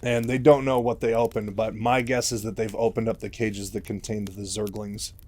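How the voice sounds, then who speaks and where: A man's voice: on the low side, little pitch movement, moderate pace, a little mellow. A man casually retelling a novel in a loose, chatty way, full of fillers. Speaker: storyteller.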